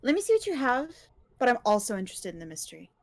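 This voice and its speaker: High, lively woman player. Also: fast talker, slight background noise. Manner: animated and playful. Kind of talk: casual tabletop game play.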